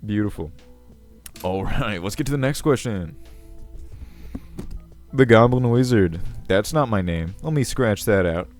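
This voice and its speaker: Pompous, rambling ancient goblin king, played by a man, low and crackly, faint music underneath. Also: animated, a little slow, long pauses, darkish tone. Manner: pompous, rambling, self-assured. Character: self-important ancient male goblin king. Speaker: video host. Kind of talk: character comedy Q&A.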